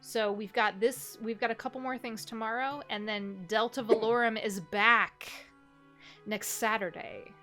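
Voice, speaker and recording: A woman streamer closing out a stream in casual chat, excitable and laughing often, swearing casually. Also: fairly high pitch, measured pace, faint music behind. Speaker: streamer and game master.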